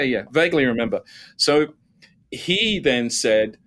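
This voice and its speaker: Male guest, casual self-deprecating storyteller, average pitch. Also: a little slow. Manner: animated, self-mocking anecdotes with many restarts.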